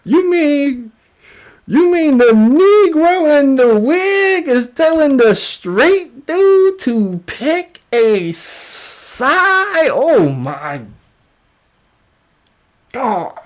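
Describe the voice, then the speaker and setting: A woman hosting a drama commentary show, full of exclamations and repeated phrases. Her pitch rises and falls widely while her overall pace stays unhurried. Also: sing-song. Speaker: commentary channel host.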